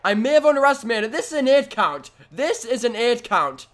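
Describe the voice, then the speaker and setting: A man giving excitable let's-play commentary over a wrestling video game, swinging between groans and shouts and repeating his lines. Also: sits high, normal speed. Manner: swears casually and repeats phrases. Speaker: gaming video host.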